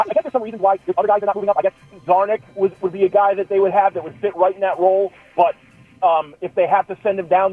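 Male radio caller, high husky voice, argumentative, tinny phone line. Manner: argumentative, rambling. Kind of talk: calling in to sports radio. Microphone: telephone.

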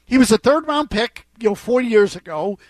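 A man's voice: very high-pitched, lively intonation, normal speed, a little mellow, dry recording. A man co-hosting a sports talk radio show in a studio, giving blunt, emphatic opinions. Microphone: studio microphone.

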